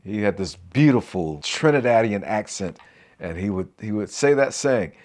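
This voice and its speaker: A man's voice: fairly low pitch, lively intonation, normal speed, darkish tone. A middle-aged man, a marriage coach, giving an encouraging talk to camera with preacher-like call-and-response asides.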